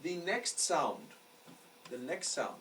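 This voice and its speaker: A man's voice: fairly high pitch, big pitch swings, slow. A man teaching a lecture class, explaining patiently and often checking that the students follow. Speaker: astrology teacher. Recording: distant mic with faint background noise.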